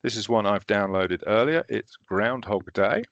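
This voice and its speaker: A man leading a recorded training session, walking through teaching software step by step in a casual, self-deprecating way. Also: on the low side, measured pace, dry recording, muffled recording.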